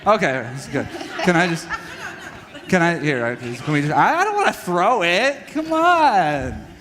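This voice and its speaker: A man's voice: sits high, sing-song, a little slow, fairly bright tone, a faint crowd. A man from Texas speaking to a church audience, candid and self-deprecating, with many fillers and restarts. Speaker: speaker at a church parenting session. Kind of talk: personal talk to an audience. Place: church hall. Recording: long hall reverb.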